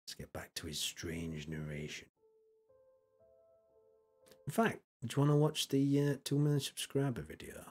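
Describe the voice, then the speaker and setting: A man's voice: medium pitch, very animated, normal speed, long pauses, darkish tone, slightly rough, soft background music. A man with a Yorkshire accent giving casual, blunt, sweary commentary while reacting to videos on a stream. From Yorkshire, England. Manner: blunt, sweary, joking asides.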